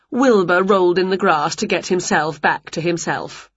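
A woman's voice: on the low side, breathy edge, no echo. A woman whose first language is Chinese, reading an English picture book aloud to children. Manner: slow, lively storytelling. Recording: dull lo-fi home recording.

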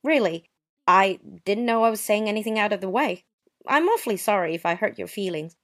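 A woman's voice: mid-range voice, animated, a little fast, fairly bright tone, lightly acted. A woman voicing a touchy, prim young woman who answers with sarcastic, wounded politeness in a dramatized story. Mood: offended. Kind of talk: dramatized short story reading.

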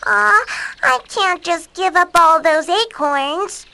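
A woman voicing a small, clever male squirrel in a children's storybook reading, bright and excited. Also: very high voice, slow pace, creaky, noisy background, voice pushed up, heavily acted. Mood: eager.

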